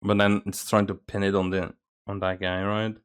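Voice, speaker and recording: A man's voice: on the low side, level tone, moderate pace, smooth. A man hosting a game let's play, chatting and joking with frequent laughs. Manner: chatty, jokey, laughs often. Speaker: host.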